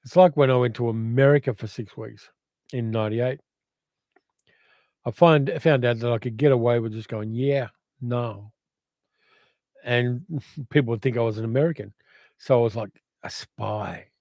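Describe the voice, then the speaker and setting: An older man with an educated Australian accent chats through a livestream, reading viewer comments aloud and wandering off into reflections. His voice is dark and mellow. The sound is dry and close. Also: medium pitch, normal speed, long pauses, no room sound. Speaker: livestream host.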